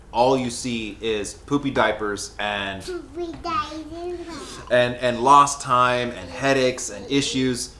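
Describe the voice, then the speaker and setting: This is an animated man in his thirties telling his own stories on a vlog. He talks casually and keeps dropping "dude" and "bro". His voice sits at a middle pitch, and the room around him sounds echoey. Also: slight background noise. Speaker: vlogger.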